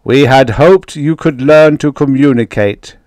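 A man voicing a commanding alien voice that booms from a spaceship in a storybook reading. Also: a little mellow, dry recording, close to an everyday voice. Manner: slow, booming, commanding.

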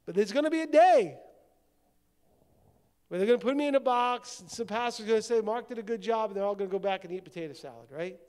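A male pastor preaching a sermon, swinging from shouted declarations to hushed, low passages. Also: animated, quick pace, clean tone. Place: church sanctuary. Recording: long church-hall reverb.

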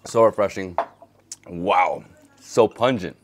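A man's voice: low voice, takes it slowly. A man hosting a food tour, talking in an enthusiastic, exclaiming way on a restaurant terrace. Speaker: food vlogger host. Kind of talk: casual food tour chat.

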